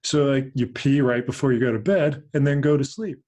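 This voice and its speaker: A man who hosts a podcast and is a father, chatting in a joking way and quick to laugh. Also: medium pitch, a little mellow. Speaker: podcast host. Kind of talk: casual podcast conversation.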